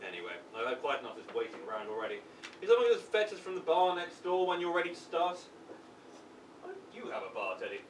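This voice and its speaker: A man's voice: on the high side, big pitch swings, fast talker. A man playing a pompous, airy posh young brother in an improvised stage comedy. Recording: echoey live stage from far off, noisy.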